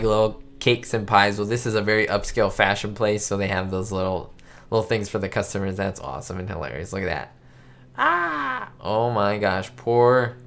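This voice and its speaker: A man's voice: lowish voice, fairly bright tone. A man hosting a live stream, reacting to an old comedy with frequent laughter and exclamations and talking straight to his viewers. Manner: giddy, laughs often, exclamatory; chats directly to viewers. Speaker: channel host.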